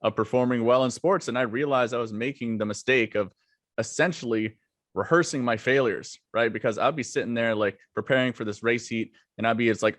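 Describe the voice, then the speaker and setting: A man guest on a podcast, telling his own story in a relaxed, reflective way with plenty of "like" fillers. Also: mid-range voice, fairly quick, no echo. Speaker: podcast guest, former longboard racer. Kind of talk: casual interview talk.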